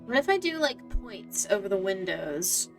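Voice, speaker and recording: A woman's voice: medium pitch, very animated, moderate pace, vocal fry. Rambling young woman chatting while gaming. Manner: rambling, loses her train of thought, many fillers. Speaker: streamer. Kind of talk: casual chat while gaming. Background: faint game music.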